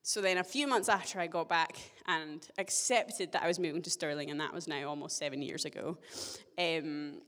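A young woman giving a sermon to her church, telling a personal story in a chatty, self-deprecating way with gentle humor. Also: low voice, moderate pace. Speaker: church speaker. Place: church hall. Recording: long church-hall reverb.

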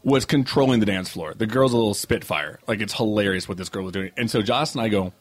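A man's voice: on the low side, quick pace. A young man on a podcast, telling a long anecdote in casual chat, swearing freely and acting out what people said. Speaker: podcast co-host.

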